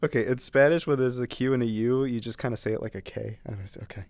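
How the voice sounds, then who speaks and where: A man's voice: medium pitch, fast, a little mellow, no echo. A man streaming and chatting casually, giggling and mocking himself as he goes. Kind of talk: casual gaming stream chat.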